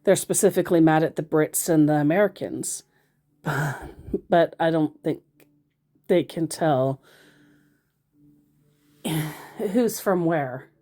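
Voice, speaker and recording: A woman's voice: low-pitched, slow, pauses often, dark tone. A woman vlogger giving casual commentary while reading chat messages, rambling and wry and interrupting herself. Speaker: scambaiter vlogger.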